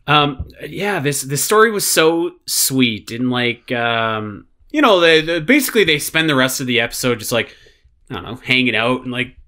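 A man's voice: mid-range voice, moderate pace. A man co-hosting a podcast, chatting casually and animatedly about a show, with lots of fillers. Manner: animated, rambling with many fillers. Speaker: podcast co-host. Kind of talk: casual chat reviewing a show.

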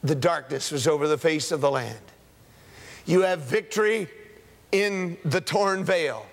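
A high-pitched male preacher delivers an emphatic sermon, driving his points home with repeated phrases that climb and fall. His voice carries a long, lingering reverb from a large hall. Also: measured pace, gravelly. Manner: emphatic, repeats key phrases in rising cadences.

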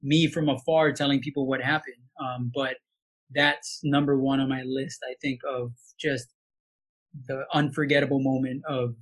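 Here the same kind of guest appears: a sportscaster from Hawaii in his late thirties on a casual podcast. His mid-range voice is flat and moderately paced while he shares heartfelt stories, frequently restarting.

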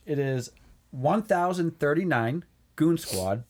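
A man's voice: a little high, animated, slow, slight background noise. A man co-hosting a movie review chat, recapping scenes with lots of ums and laughter. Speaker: movie review podcast co-host. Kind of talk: casual chat.

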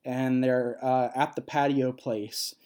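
A man's voice: mid-range voice, little pitch movement, takes it slowly, a little mellow. Rambling man retelling a film plot. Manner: rambling, many fillers, laughs while talking.

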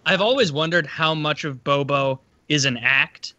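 A man in casual podcast chat, musing wryly in a drawn-out way. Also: fairly high pitch, bright, forceful tone, dry recording, muffled recording.

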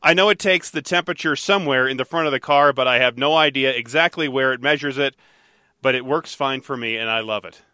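A man hosting a talk radio show, chatting and teasing his co-host in a lively, animated way. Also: medium pitch, fairly quick, clean tone, no echo, clean studio sound. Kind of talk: casual talk radio banter.

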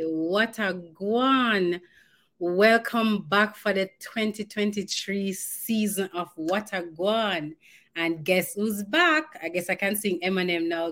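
Upbeat Jamaican woman hosting a radio show. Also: lowish voice. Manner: upbeat and playful, slipping into patois.

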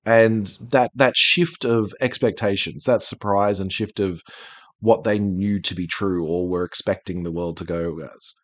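A man with a very low voice hosts a casual podcast discussion, rambling and restarting as ideas tumble out. He gets animated as he goes. The recording is dry and close. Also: a little slow, dry recording. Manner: rambling, animated, self-interrupting. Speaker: podcast host. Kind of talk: casual chat.

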